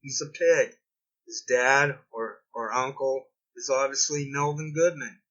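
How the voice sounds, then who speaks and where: A man's voice: mid-range voice, fairly even intonation, a little slow, a bit bright, highs cut off. A man from Boston with a Boston accent, giving rambling, conspiratorial solo commentary, often correcting himself mid-thought. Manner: conspiratorial, digressive, second-guesses himself mid-sentence. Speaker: video commentator.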